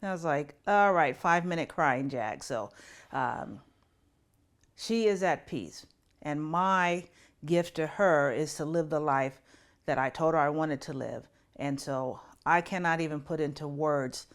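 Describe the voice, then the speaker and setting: Low-voiced woman pastor, earnest and tender. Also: a little slow. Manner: earnest and personal, voice softening with grief. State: fighting back tears. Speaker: pastor and podcast host. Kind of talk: reflective spiritual talk.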